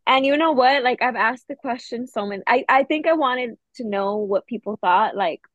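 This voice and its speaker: A woman's voice: fairly high pitch, moderate pace, a bit bright, no room sound, highs cut off. A woman co-hosting a sports podcast, talking fondly and enthusiastically about a favorite player. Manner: fond, enthusiastic fan talk. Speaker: podcast co-host. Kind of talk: casual sports chat.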